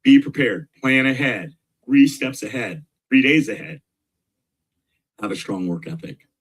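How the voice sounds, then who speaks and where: A middle-aged man talking as a guest in an interview, energetic and emphatic, repeating his key points. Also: medium pitch, unhurried. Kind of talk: casual interview talk.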